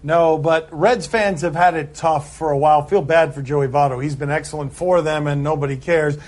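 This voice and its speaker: A man hosting a sports talk show, bantering loudly over highlight clips and jumping into excited yelps. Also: normal speed, a little hiss or hum. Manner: excitable, jumps into high-pitched yelps.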